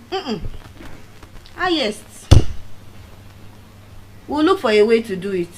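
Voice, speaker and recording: A middle-aged woman with a Nigerian accent giving a motivational speech at a public event, telling personal stories with dramatic swings of pitch and loudness. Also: unhurried, pauses often, rough recording. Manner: animated storytelling with dramatic swings in pitch and volume. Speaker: public speaker. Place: venue of a public speaking event.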